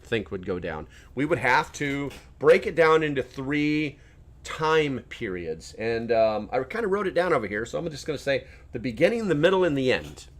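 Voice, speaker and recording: A man with a mid-range, slightly bright voice hosts his own channel, offering casual vlog commentary. He rambles and speaks sarcastically, restarting his sentences many times.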